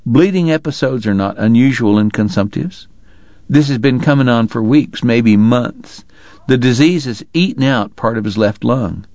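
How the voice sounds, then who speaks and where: A man's voice: mid-range voice, normal speed, a little mellow, no echo, lo-fi sound, natural voice. A man voicing a curt, authoritative frontier doctor who snaps orders and explains matter-of-factly. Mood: stern.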